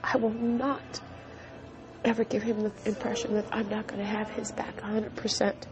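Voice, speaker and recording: A woman's voice: medium pitch, completely flat delivery, brisk. A middle-aged woman hosting a podcast, telling a personal story in an earnest, emotional way and repeating phrases for emphasis. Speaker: podcast host.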